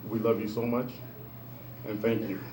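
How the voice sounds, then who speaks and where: A tearful man speaking as a proud father and coach, halting and heartfelt, at a school ceremony. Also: lowish voice, level tone. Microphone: handheld microphone. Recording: echoey noisy room.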